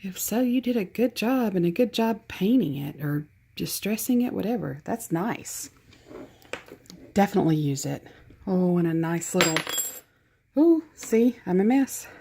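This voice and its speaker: A woman's voice: medium pitch, animated, unhurried, vocal fry, dark tone, slight background noise. A woman with a Southern US accent chatting casually as she opens a craft gift package, gushing and laughing at herself. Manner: gushing, self-deprecating, chatty. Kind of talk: casual unboxing chat.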